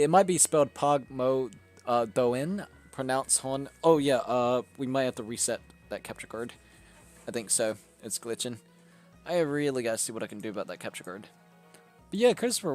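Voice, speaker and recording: Young male streamer, casual chat, lively swearing delivery, faint music behind. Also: mid-range voice, moderate pace, pauses often. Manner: swearing, laughing, chatty and animated. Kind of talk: casual live-stream chat while gaming.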